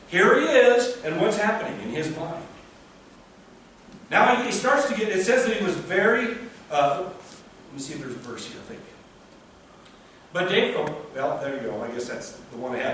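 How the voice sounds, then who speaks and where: Male pastor, high-pitched, animated sermon delivery, distant mic in a very echoey hall. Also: normal speed, a little hiss or hum. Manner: animated, acts out biblical voices with rising pitch. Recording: echoey distant room recording.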